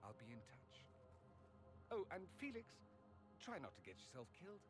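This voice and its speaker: A wry young mage over game music. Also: male voice, fairly high pitch, wildly swooping pitch, normal speed. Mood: earnest. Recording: game audio with music underneath.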